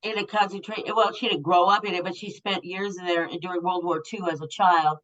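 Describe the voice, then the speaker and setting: A woman's voice: on the low side, fairly even intonation, brisk, a bit bright, muffled recording. A woman in her fifties, a guest telling a personal story in a blunt, raw and profane way. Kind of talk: candid storytelling.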